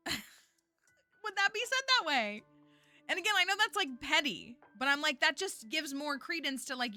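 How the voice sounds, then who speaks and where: A woman's voice: on the high side, pushed and bright. A woman streaming a game, chatting casually and rambling with lots of fillers, ranting at times. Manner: exasperated ranting. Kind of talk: casual gameplay stream chat.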